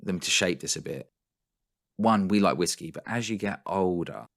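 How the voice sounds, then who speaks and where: Deep-voiced, rambling chatty podcast man. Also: moderate pace, creaky. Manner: animated, rambling storyteller who laughs often. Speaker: podcast co-host. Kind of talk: casual chat. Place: home in London.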